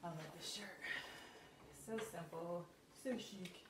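In an unhurried, lowish voice, this woman coaches viewers on assembling outfits during a relaxed livestream, laughing and saying um a lot. The sound is roomy and distant, with faint hiss.

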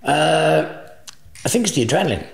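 A man's voice: on the high side, animated, moderate pace, vocal fry. A man in his forties, a podcast guest, telling rambling anecdotes, swearing freely and laughing often. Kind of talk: casual storytelling interview. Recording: roomy echo.

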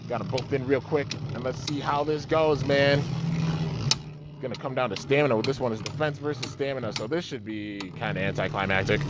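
A man giving casual, excitable play-by-play of his own toy battles outdoors, with his voice jumping up at big moments. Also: fairly quick, heavy background noise. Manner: excitable, says man and dude a lot, pitch jumps at big moments. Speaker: toy battle channel host. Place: outdoors, flies around.

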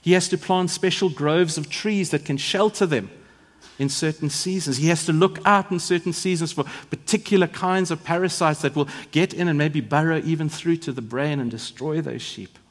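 A man preaching in a big church, his voice sitting a little high for a man. He leans into words for emphasis, then drops soft, and the long reverb of the hall trails every phrase. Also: moderate pace. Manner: emphatic, rising and falling in volume for effect. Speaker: pastor. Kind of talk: sermon.

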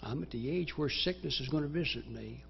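A man preaching a sermon in a church, dramatically acting out inner voices in the first person and reciting scripture in slow, measured phrases. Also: mid-range voice, creaky, highs cut off, a little hiss or hum. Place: church sanctuary.

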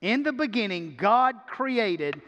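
High-voiced emphatic male pastor preaching. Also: big pitch swings, takes it slowly, bright, forceful tone, long reverb tail. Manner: emphatic, repeats words for build-up. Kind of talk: sermon. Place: church sanctuary.

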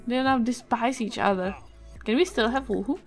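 A Czech-accented woman giving casual let's-play commentary, excitable, swearing and yelping at the game. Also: a little high, normal speed, soft background music. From Czech Republic. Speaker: gaming video creator.

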